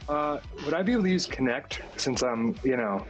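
A man playing in a tabletop game, easygoing and quick to laugh in casual chat. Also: mid-range voice, expressive. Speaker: player. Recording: dull lo-fi voice chat with faint music.

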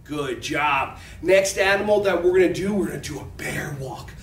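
A man leading a group of children through an animal movement warm-up, animated and encouraging, with playful sound effects. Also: on the high side, moderate pace, a little hiss or hum. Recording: roomy sound from a distance with faint ambience.

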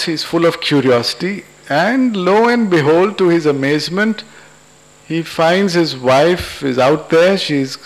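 A man, lecturing and telling an anecdote at a public talk in a convention hall. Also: a little high. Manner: unhurried, anecdotal storytelling.

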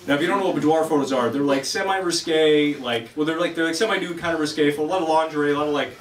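A man's voice: a little high, very fast. A man doing a stand-up comedy set on a club stage, rambling and self-deprecating, acting out bits of dialogue. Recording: echoey room, recorded from a distance, loud background noise.

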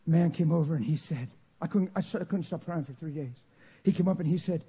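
Husky high-voiced preacher man. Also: a little fast. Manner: storytelling with sudden loud and hushed swings. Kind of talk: sermon. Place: church.

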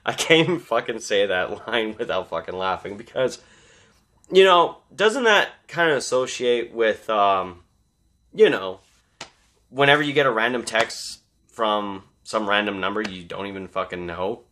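Male reviewer with a bright, sharp voice and a loose, swear-filled, animated recap style. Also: lowish voice, normal speed. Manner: animated, swearing constantly, laughing asides. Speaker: movie reviewer. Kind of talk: casual profane film recap.

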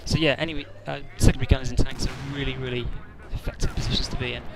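A man's voice: mid-range voice, fairly even intonation, very fast, heavy background noise. A man giving rambling, sweary, self-mocking commentary over his own gameplay. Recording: loud game gunfire and explosions behind.

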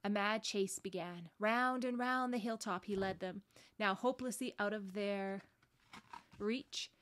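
A woman pastor reading a storybook chapter aloud with gentle, steady narration. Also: mid-range voice, a little slow, a little hiss or hum.

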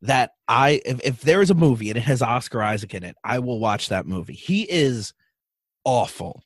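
A man's voice: mid-range voice, lively intonation, moderate pace, no echo. Man rambling emphatically, dry close sound. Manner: rambling, emphatic, trails off into asides. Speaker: podcast guest. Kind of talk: casual chat.

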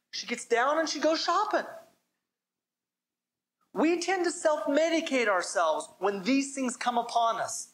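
A man's voice: very high voice, very animated, measured pace, fairly bright tone. Man preaching with emphatic questions. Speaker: pastor. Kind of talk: sermon. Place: church service.

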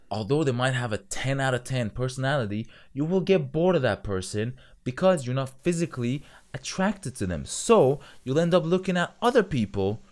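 A man hosting a reaction video, giving blunt and animated commentary with loud outbursts. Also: mid-range voice.

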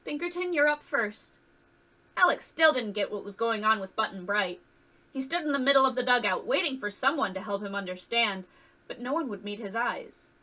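A woman reading a chapter of a children's fantasy novel aloud, lively, with the characters voiced. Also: mid-range voice, fairly quick, recorded from a distance, poor audio. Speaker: audiobook reader. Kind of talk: scripted narration.

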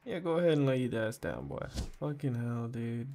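A man talks nonstop while playing a video game, drifting between loose rants and sudden hyped reactions. His voice sits at an ordinary pitch with a gravelly, fry-laden texture. His casual talk is heavy with slang and profanity. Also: normal speed. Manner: profane, slangy, excitable outbursts. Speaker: gaming YouTuber. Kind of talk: rambling gameplay commentary.

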